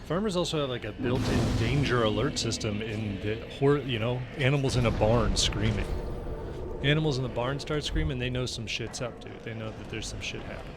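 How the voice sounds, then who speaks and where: A man's voice: medium pitch, fairly quick, over loud music. A man streaming a video game, chatting casually and rambling into jokes, with frequent swearing. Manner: rambling, joking, profane. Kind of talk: casual gameplay commentary. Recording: live stream mic with very loud background noise.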